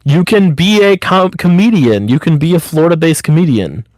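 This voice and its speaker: A man with a slightly raised pitch chats on a casual podcast. He speaks bluntly, swears casually and keeps pressing his friend with pep-talk advice. The sound is close and dry. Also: lively intonation, normal speed, a little mellow, no echo, low-quality recording. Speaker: podcast co-host.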